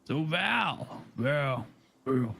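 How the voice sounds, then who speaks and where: A man playing a tabletop game character, speaking in a halting, stammering way. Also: mid-range voice, very animated, gravelly, fairly bright tone, slightly rough. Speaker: player. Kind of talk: in-character tabletop role-play.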